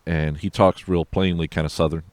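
Man, extremely low voice, profane casual movie recap host, dry close mic. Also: steady tone, moderate pace, a little mellow, no echo. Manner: rambling, profane, loose and conversational. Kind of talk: casual film recap chat.

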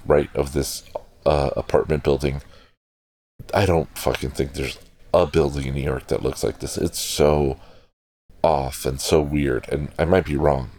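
A man's voice: extremely low pitch, creaky, a little mellow, no echo. A man hosting a casual, digressive film talk, swearing freely and correcting himself as he goes. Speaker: podcast host reviewing a film. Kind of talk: casual rambling film commentary.

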